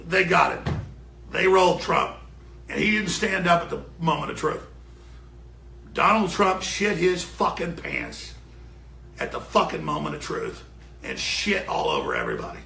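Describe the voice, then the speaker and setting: A man, a show host, ranting furiously and profanely off air in a broadcast studio before going live, often shouting. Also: on the high side, very animated, normal speed, creaky, roomy sound, a little hiss or hum. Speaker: radio and web show host.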